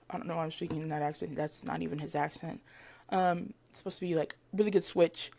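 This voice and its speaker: A woman chatting casually to camera as a vlogger, excitable and rambling, with lots of fillers, giggles and self-corrections. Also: low-pitched, fast, gravelly. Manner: gushing fan talk with giggles.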